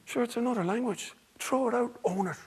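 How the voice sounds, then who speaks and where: A man's voice: very high voice, a little fast, slightly rough, low-quality recording. An Irish man, a storyteller, giving a theatrical, joking conference talk to a live audience. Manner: animated, theatrical, jokes and quizzes the audience.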